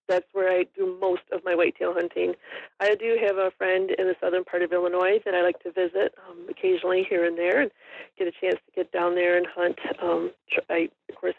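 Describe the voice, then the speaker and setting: A middle-aged woman chats as a podcast guest, her voice carrying a gravelly rasp. She rambles along with frequent ums and small laughs. The audio is dry, close and a little muffled. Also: fairly low pitch, no room sound. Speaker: guest, hunter and store owner. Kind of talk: casual storytelling in an interview.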